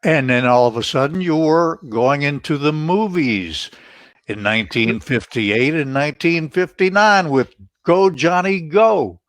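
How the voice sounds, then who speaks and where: A male radio host keeps his prompts short and low-key, speaking very slowly. His voice sounds dry and close, with no room sound around it. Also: dry recording. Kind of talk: interview.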